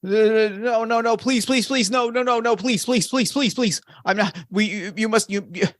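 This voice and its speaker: A man's voice: fairly high pitch, very animated, slow pace, fairly bright tone, no room sound, studio quality, exaggerated voice. A man voicing a desperate ghostly shade who stammers and begs frantically.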